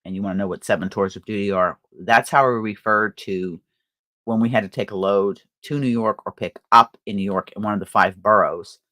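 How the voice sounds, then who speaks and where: A woman's voice: extremely low pitch, fairly even intonation, brisk, a bit bright, dry recording. An older woman hosting a crafting livestream, chatting casually and rambling with fillers and laughter. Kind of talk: casual chat.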